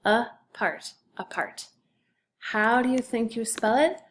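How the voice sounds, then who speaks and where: Slow, patient woman teaching spelling. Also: on the high side. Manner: slow, patient, sounding out syllables. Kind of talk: recorded spelling lesson for children.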